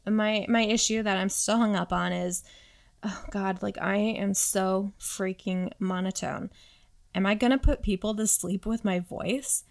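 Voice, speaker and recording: A woman's voice: mid-range voice, fairly even intonation, measured pace, vocal fry. Chatty woman hosting a solo podcast. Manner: candid, chatty, self-deprecating, many "like" and "you know what". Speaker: podcast host. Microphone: desktop USB mic.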